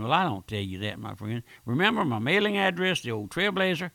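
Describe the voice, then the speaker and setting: A man's voice: fairly high pitch, animated, brisk, creaky, hardly any pauses, bright, forceful tone, no room sound. An older man preaching a fervent radio sermon, repeating himself and calling listeners "my friend".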